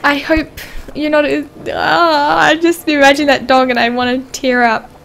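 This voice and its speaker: Giggly high-voiced woman streaming a game. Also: level tone, measured pace, creaky, fairly bright tone, slight background noise. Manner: chatty, giggly, reads game dialogue aloud. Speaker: livestream host. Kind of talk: casual gameplay livestream.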